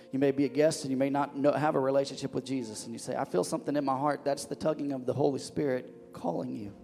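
A man's voice: mid-range voice, darkish tone, long reverb tail. A man preaching as pastor of a church, fervent and repetitive, often restarting his words. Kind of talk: sermon. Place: church sanctuary.

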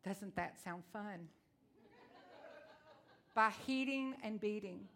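A woman from Texas with a Texan accent, preaching a sermon in a loud, blunt, emotional and folksy way. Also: mid-range voice. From Texas, USA.

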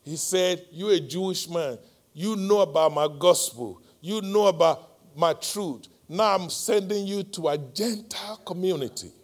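A middle-aged man with a Nigerian accent preaching a sermon, moving between loud, emphatic appeals and quiet, close storytelling. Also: high voice, measured pace.

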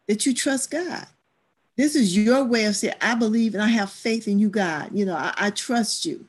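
A woman's voice: mid-range voice, a little mellow. A woman who leads church stewardship, talking earnestly and emphatically in a church discussion class.

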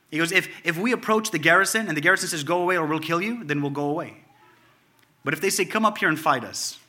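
A male pastor preaching a sermon, in a conversational style with fillers and restarts, growing fervent and loud as he retells a story. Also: fairly high pitch. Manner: builds to fervent, raised delivery when retelling the story.

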